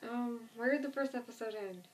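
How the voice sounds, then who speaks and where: A woman's voice: fairly high pitch, normal speed, distant mic. A young woman casually retelling a TV episode to a friend, rambling with lots of "like" and the odd swear word. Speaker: vlogger.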